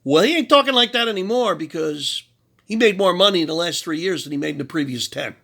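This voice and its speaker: A man's voice: high-pitched, expressive, fast talker, vocal fry, sharp tone. A man giving a combative, mocking political rant, lecturing his target about sin. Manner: preachy, invokes God and sin. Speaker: political commentator. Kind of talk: ranting commentary.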